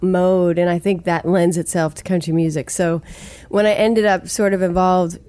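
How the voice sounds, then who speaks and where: A woman's voice: lowish voice, steady tone, moderate pace, warm tone, no echo. Chatty Boston-accented woman, dry sound. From Massachusetts. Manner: chatty, laughs often. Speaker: songwriter guest. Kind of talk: casual interview chat.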